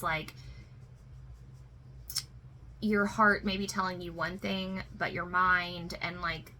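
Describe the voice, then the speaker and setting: A woman's voice: on the low side, sharp tone, slight background noise, rough recording. A woman giving a spiritual tarot reading to viewers, emotional and reassuring, often fighting back tears, with many fillers. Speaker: tarot reader.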